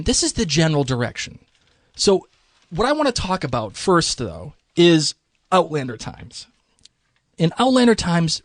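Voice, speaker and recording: A medium-pitched man co-hosts a podcast, explaining history in a chatty, lively way and slipping into mock voices for laughs. The sound is clean studio quality with no echo.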